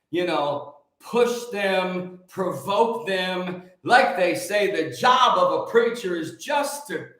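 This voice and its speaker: A man preaching on a live stream, answering viewer comments with fervent, repetitive talk that swings from loud declarations to soft asides. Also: a little high, very echoey.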